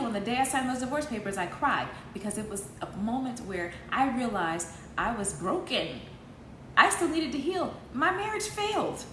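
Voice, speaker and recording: A woman's voice: a little high, echoey room, a little hiss or hum. Passionate woman in her forties preaching. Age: 40s. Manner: passionate, preacherly, swings from loud emphasis to soft, laughs often. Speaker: host of an online faith talk. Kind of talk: livestream preaching talk.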